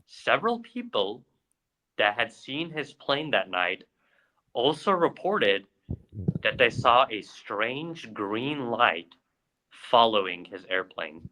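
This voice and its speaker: Bright-voiced man telling a story. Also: mid-range voice, very animated, slow, low-quality recording. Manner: storytelling with frequent fillers and restarts. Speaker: podcast co-host. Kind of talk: casual podcast chat.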